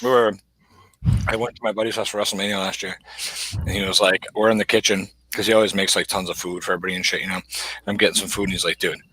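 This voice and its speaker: A man's voice: sits low, flat delivery, rapid-fire, bright, forceful tone, slightly rough, rough recording. A man hosting a casual chat, telling loose stories with plenty of swearing and laughter.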